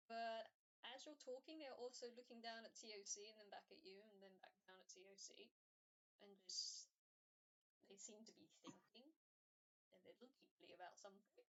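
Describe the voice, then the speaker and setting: A woman narrating a tabletop game as game master, relaxed and hesitant. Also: mid-range voice.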